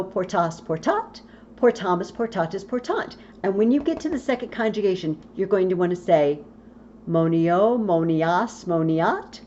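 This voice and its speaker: Slow, patient woman teaching Latin. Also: mid-range voice, warm tone. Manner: patient, slow, spells out endings and repeats forms. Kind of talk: recorded video lesson. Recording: dull lo-fi audio with faint hiss.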